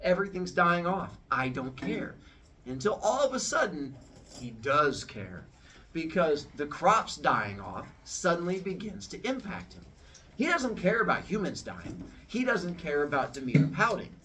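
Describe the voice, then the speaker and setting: A man's voice: wildly swooping pitch, unhurried, fairly bright tone, recorded from a distance, slight background noise. A man casually retelling an old myth as a comic story, playfully switching into character voices. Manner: playful, jumps into high squeaky voices for characters. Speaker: storyteller host.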